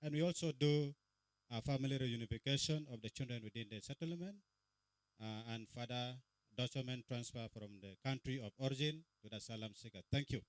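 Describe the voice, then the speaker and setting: A man, an aid worker, introducing himself and his work at an event, speaking haltingly with many fillers. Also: mid-range voice, clean tone, no echo.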